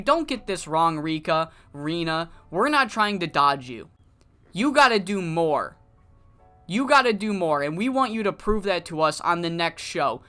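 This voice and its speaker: Bright, excitable let's-play narrator. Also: medium pitch. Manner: excitable, swears casually, paraphrases promos. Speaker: game commentator. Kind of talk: casual let's-play narration of a wrestling sim.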